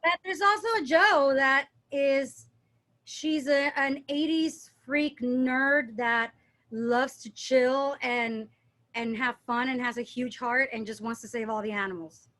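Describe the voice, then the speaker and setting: Guest spot: high-pitched young woman, animated, chatty storyteller. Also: slow pace. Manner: animated storyteller, mimics accents playfully. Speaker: dancer and interview guest. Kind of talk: casual interview chat.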